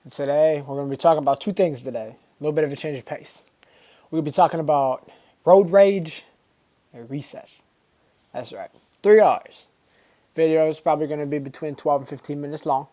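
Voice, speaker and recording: A man's voice: on the high side, a little fast, dark tone. A man talking casually to camera in a vlog, rambling with lots of fillers and slang. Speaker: vlogger.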